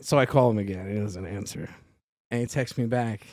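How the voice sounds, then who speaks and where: A man's voice: lowish voice, brisk, dark tone, no echo, clean studio sound. A middle-aged man with a New York accent, a comedian guest telling a story in casual podcast chat, acting out both sides of the dialogue. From Staten Island, New York.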